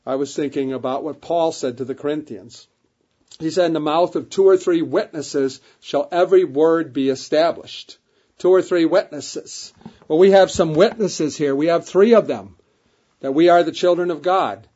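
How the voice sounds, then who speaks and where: A man's voice: a little high, moderate pace, warm tone. A man preaching a sermon, reading King James scripture aloud and repeating key phrases for emphasis. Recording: dull lo-fi recording.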